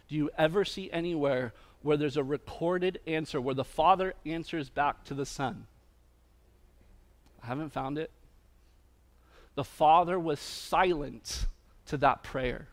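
A man preaching a sermon as a pastor, using repeated refrains and swinging between loud emphatic lines and hushed quiet ones. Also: on the high side, unhurried, pauses often.

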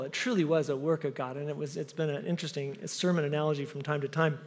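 A male pastor preaching a sermon and telling a lively personal story, acting out the other people in it. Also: sits high, fast, hardly any pauses, big-room sound. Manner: animated storyteller, acts out voices in anecdotes. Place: church sanctuary.

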